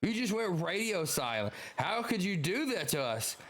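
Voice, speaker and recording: A man's voice: high voice, big pitch swings, normal speed, a bit bright, voice pushed up. A man reading manga aloud and voicing a worried young female revolutionary who scolds her friend. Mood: scolding. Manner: reproachful.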